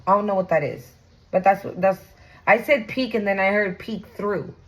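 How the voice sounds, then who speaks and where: A woman's voice: medium pitch, normal speed, rough recording. Blunt, slangy woman doing a tarot reading. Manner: chatty and blunt, swears freely, slangy. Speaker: tarot reader. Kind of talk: casual tarot reading to viewers.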